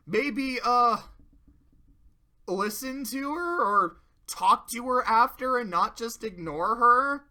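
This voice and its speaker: Young adult commentator, profane and excitable; slow delivery, bright tone. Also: medium pitch. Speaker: video reviewer. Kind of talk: casual spoken commentary.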